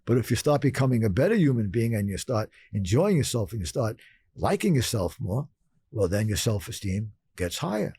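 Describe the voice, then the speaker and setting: A man's voice: lowish voice, very animated, a little fast, mellow, breathy edge, dry recording. An older man from Brooklyn, telling stories emphatically as a podcast guest and repeating phrases for effect. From Brooklyn, New York. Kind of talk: storytelling interview talk.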